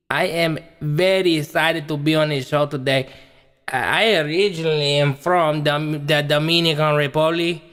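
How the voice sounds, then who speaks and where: A man's voice: a little high, fairly bright tone, clear, resonant tone. A man voicing a cheerful immigrant man caller with a mock accent and broken English, in an echoey hall. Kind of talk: comedy sketch role-play.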